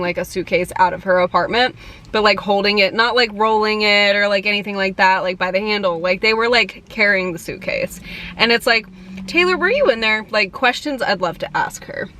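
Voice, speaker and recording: A young woman talks casually to her viewers in a chatty vlog, filling her sentences with "like" and "um" and giggling. Her voice is bright and clear, at an average pitch for a woman. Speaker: vlogger. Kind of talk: casual fan vlog chat.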